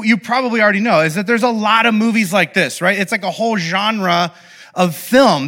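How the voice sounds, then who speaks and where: Bright, lively, high-voiced man speaking. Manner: animated, playful, with asides that check in with the audience. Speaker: speaker addressing an audience. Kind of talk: lively talk to a live audience.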